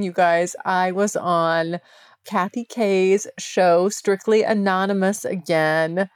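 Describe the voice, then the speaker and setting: Woman, podcast host, chatty and frank, mid-pitched voice, close dry mic. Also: darkish tone, no room sound. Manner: chatty and candid, with laughs and swearing. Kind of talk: casual solo podcast monologue.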